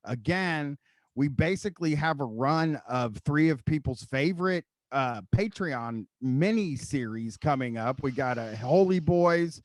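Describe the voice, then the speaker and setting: A man hosting a podcast, rambling and profane, riffing with an amused edge. His voice sits a little higher than most men's. The sound is dry and close. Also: dry recording. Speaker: podcast host. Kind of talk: casual chat.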